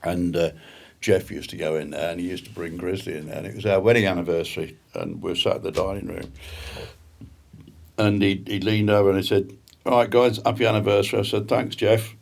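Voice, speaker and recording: Older man, husky and very low, rambling anecdotal guest. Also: fairly even intonation, fairly quick. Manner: rambling anecdotes with frequent throat clearing and chuckles. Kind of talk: casual storytelling chat.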